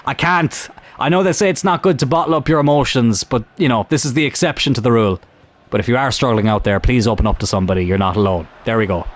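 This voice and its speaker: A young man commentating on his own football video game career, calm one moment and shouting the next. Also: medium pitch, a little hiss or hum. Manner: excitable, shouts at big moments. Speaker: gaming YouTuber.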